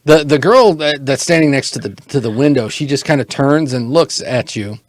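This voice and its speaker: A man running a tabletop game, narrating in a relaxed and chuckling way. His voice sits in the middle range and is recorded dry and close, with no room sound. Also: mid-range voice, moderate pace, dry recording. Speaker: game master.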